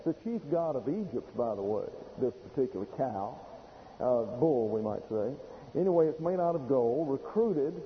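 A man preaching an expository sermon in a folksy, explanatory way, slowing down to stress key words. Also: mid-range voice, slight background noise. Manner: folksy, explanatory, slows for emphasis. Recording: dull lo-fi recording in a reverberant hall.

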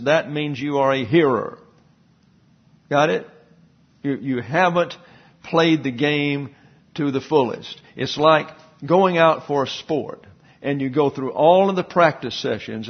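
A man's voice: on the high side, highs cut off. A man preaching a Bible teaching sermon, explaining verses and tossing in asides and questions to the congregation. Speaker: pastor.

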